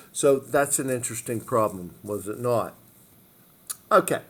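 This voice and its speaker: A male math teacher talks through each equation step by step in an even, mid-range voice. He repeats key moves and keeps checking in with his students as he works. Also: mid-range voice. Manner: step-by-step, repeats phrases, frequent "okay?" check-ins. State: hiccups. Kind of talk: recorded math lesson walkthrough.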